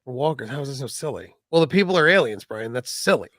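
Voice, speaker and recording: A man's voice: medium pitch, expressive, quick pace, fairly bright tone, no room sound, clean studio sound. A man co-hosting a podcast, joking and sarcastic in casual comedic chat. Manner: joking, sarcastic, does silly voices. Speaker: podcast co-host.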